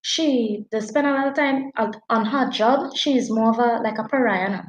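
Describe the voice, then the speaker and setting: A woman with a Trinidadian accent, chatting casually about a book as a podcast co-host, telling it with animated dialect. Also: on the high side, moderate pace, reverberant, rough recording. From Trinidad and Tobago. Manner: animated, dialect-heavy storytelling. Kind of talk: casual book review chat.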